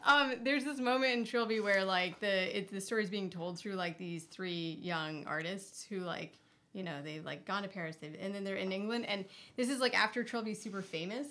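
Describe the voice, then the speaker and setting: A woman's voice: medium pitch, normal speed, fairly bright tone. Chatty woman retelling a story. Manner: chatty, many "like" fillers, storytelling with quoted voices. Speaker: podcast co-host. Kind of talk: casual movie discussion.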